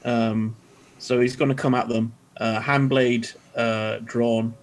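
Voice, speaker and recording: A man's voice: mid-range voice, flat delivery, slow pace. A man playing a tabletop game, chatting casually and thinking aloud about his moves. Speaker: player.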